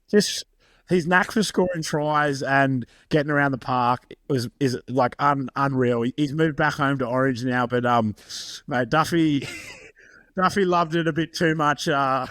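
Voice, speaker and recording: A man's voice: on the high side, steady tone, unhurried, fairly bright tone, dry recording, clean studio sound. A man, a podcast co-host, chatting casually and laughing through an anecdote about an old teammate. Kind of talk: casual chat.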